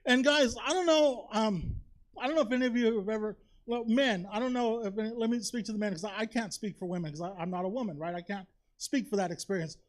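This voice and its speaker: Speaking quickly in a high register, a man works through a chatty, confessional stand-up routine at a comedy theater. "You know?" and "right?" pop up all the time.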